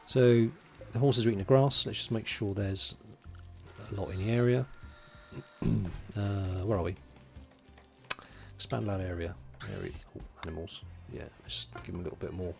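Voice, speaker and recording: A man's voice: lowish voice, steady tone, normal speed, vocal fry, a little mellow, faint music behind. A man from London, streaming a game, chatting casually, muttering to himself while he plays and greeting viewers in chat. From England (London). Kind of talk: casual livestream commentary.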